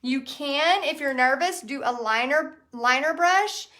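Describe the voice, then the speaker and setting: A woman hosting a live step-by-step painting lesson, chatty and quick to laugh as she reads out viewer comments. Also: high voice, pushed and bright. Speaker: painting instructor and host.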